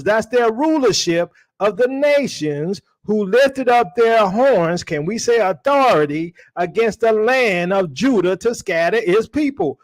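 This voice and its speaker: Man, livestream preacher, high voice, very lively pitch, slangy, rhetorical questions. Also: a little slow, few pauses. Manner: animated, rhetorical questions to the audience; slangy, calls the audience y'all.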